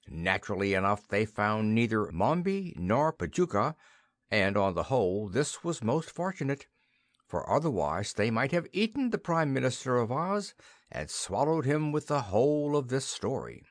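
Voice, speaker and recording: Lively male storybook narrator. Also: medium pitch, moderate pace, dry recording, studio quality. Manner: lively, expressive read-aloud delivery. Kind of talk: storybook reading for English learners.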